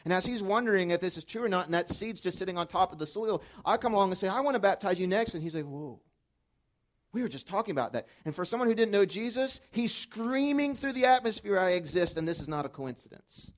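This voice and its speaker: A middle-aged man preaching a sermon as pastor, telling stories and building to loud, fervent peaks. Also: high voice, lively intonation, fast talker.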